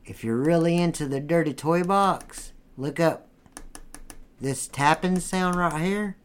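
A young man rambles and jokes crudely on a casual podcast. His voice sits a bit high and comes through smooth and resonant. He talks loudly, curses a lot, and keeps the mood rowdy. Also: measured pace. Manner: rowdy, profane, joking. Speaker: podcast co-host.

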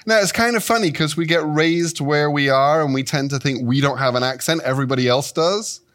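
Animated English man preaching, higher voice. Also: brisk. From England. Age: 50s. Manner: animated, playful, with shifting pitch and pace. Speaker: guest speaker and Bible teacher. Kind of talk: sermon.

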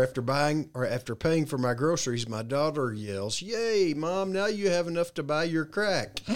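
A co-host on a casual podcast, reading listener stories aloud. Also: medium pitch.

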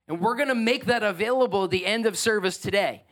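A male pastor preaching a sermon, energetic and building in pitch to stress his points. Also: fast talker.

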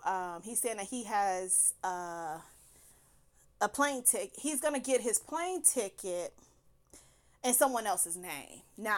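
A woman telling a personal story in a casual, animated way, laughing often and slipping into quoted voices. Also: mid-range voice.

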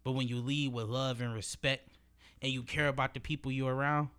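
A man's voice: medium pitch, steady tone, brisk, a bit bright, clear, resonant tone. A man in his early twenties giving an emphatic, preachy motivational monologue as a podcast host, in casual slang with swearing and repeated phrases. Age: early 20s.

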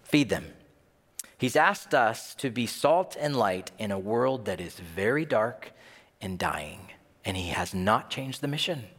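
A male pastor delivers a sermon with a very expressive, up-and-down melody. He talks to the room like a friend and slips into acted dialogue. The sound carries a long hall reverb. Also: fairly low pitch, unhurried. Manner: conversational, animated, acts out dialogue.

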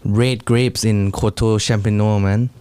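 A man's voice: lowish voice, steady tone, measured pace, warm tone, clean tone. A man chatting casually over wine, laid-back and calling people bro and man.

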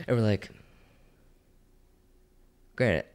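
A young man co-hosting a podcast, telling a story in a casual, animated way and acting out the voices of the people in it. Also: drawn-out words. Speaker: podcast co-host.

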